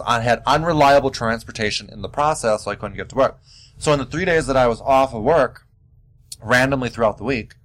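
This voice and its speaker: A man hosting his own podcast, talking in a sassy, animated way with big jumps in pitch. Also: poor audio. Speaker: podcast host. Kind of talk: casual solo podcast monologue.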